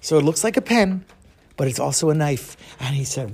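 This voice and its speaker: Expressive man telling a children's story. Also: fairly high pitch, breathy edge. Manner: expressive, dramatic pauses.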